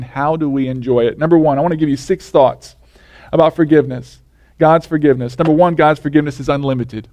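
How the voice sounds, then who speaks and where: A man's voice: fairly high pitch, darkish tone, no room sound. A male pastor preaching a sermon in a conversational way, often putting questions to the congregation.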